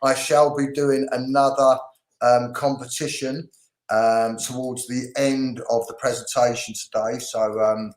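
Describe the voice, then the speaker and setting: A man's voice: mid-range voice, little pitch movement, a little slow, roomy sound. A British man hosting a live online hair class, greeting viewers in an upbeat, chatty way with lots of ums, on a video call. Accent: British English. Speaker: host.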